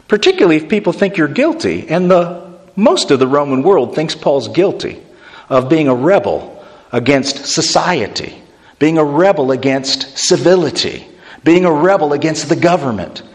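A male pastor preaches a sermon, moving between close reading and playful asides to the congregation. His voice sits at an ordinary middle pitch. The sound carries a long hall reverb. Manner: animated, joking asides to the congregation. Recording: echoey hall.

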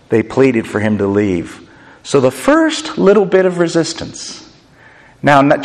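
Animated male preacher in a reverberant hall. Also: mid-range voice. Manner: animated storytelling, dramatizes scripture voices. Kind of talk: expository sermon.

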